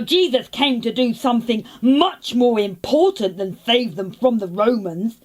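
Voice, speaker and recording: A woman's voice: sits high, heavily acted. A woman voicing an eager young boy who tells a children's church lesson in a childlike, storytelling way.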